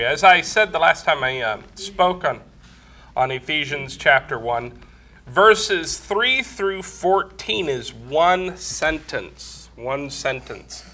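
A man's voice: fairly high pitch, pushed and bright. A man preaching a Bible lesson, explaining grammar step by step, congested and coughing from a cold. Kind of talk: Bible teaching sermon.

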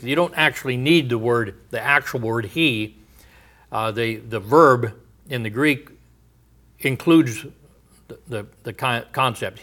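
Guy preaching a bible sermon, mid-pitched voice, lots of uh and um, restarts a lot, voice drops off at the ends. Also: bright, forceful tone. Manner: thoughtful, halting with frequent restarts and fillers. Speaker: pastor. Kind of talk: expository sermon.

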